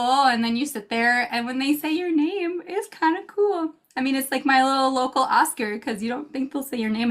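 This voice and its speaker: A woman in her thirties, an actress telling stories in a casual interview, bubbly and quick to laugh while acting out quotes. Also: fairly high pitch. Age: 30s. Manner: bubbly storyteller, laughs often, acts out quotes. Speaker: actress and guest. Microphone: video call.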